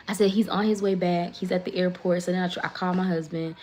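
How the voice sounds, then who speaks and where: A woman, hosting a casual livestream, retelling a story in an animated way and reading viewer comments aloud. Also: lowish voice, fast talker, hardly any pauses. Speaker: livestream host.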